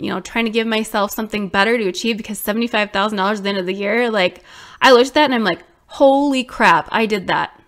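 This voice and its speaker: A woman in her thirties, a small business owner, telling viewers her own story in an animated, exclamatory way, full of "like". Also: mid-range voice, vocal fry. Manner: animated, exclamatory, many fillers like "like".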